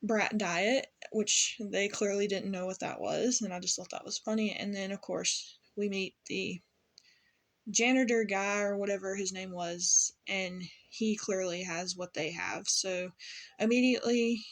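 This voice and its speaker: A woman's voice: mid-range voice, fairly even intonation, unhurried. Woman in a mid-range voice, a casual episode reviewer who rambles and laughs along. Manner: chatty, rambling, laughs at her own retelling. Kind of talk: casual reaction recap.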